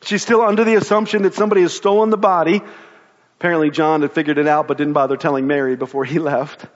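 A man's voice: fairly high pitch, fairly even intonation, fast talker, long reverb tail, lo-fi sound. A man preaching a sermon, retelling a scripture story in a conversational, storytelling way. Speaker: pastor.

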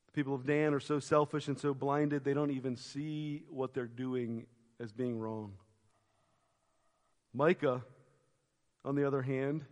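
A man preaching a sermon as pastor, retelling a story with expressive quoted voices and quiet reflective turns. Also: medium pitch, long reverb tail. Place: church sanctuary.

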